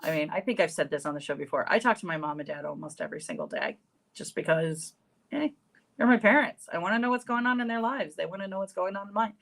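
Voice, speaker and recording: A woman's voice: on the low side, sing-song, fast talker. A woman co-host giving a casual, earnest closing thought on a sports talk show.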